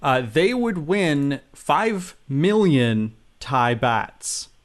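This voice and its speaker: A man's voice: fairly high pitch, very animated, very slow. A man co-hosting a comedy podcast, easygoing and chuckling as he talks. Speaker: podcast co-host. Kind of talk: casual comedic chat.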